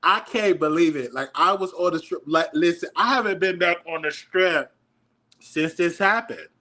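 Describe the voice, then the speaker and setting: A man's voice: a little high, moderate pace, bright, forceful tone. A man hosting a casual reaction chat, stammering and flustered as he mocks himself. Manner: stammering, flustered, self-mocking. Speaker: show host.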